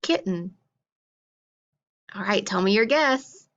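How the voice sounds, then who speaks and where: A woman teacher giving a phonics lesson to young children, encouraging them with questions and praise and drawing out words slowly. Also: medium pitch, fairly bright tone, highs cut off. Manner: draws out words slowly for syllable clapping.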